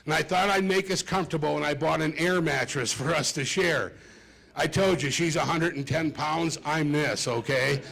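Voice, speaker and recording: A man's voice: on the high side, normal speed, creaky, a bit bright. A middle-aged man doing a stand-up comedy set, chatty and self-mocking as he talks to the audience. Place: club stage with a live audience.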